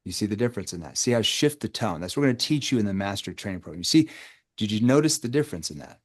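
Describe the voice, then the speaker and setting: A man's voice: on the low side, lively intonation, rapid-fire. A man running a live sales coaching session over a video call, who keeps quizzing the group with rhetorical questions. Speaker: sales trainer.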